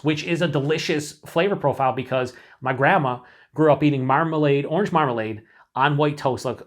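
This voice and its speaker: A man casually reviewing a beer on his own channel, rambling and mocking himself, with some swearing. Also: mid-range voice.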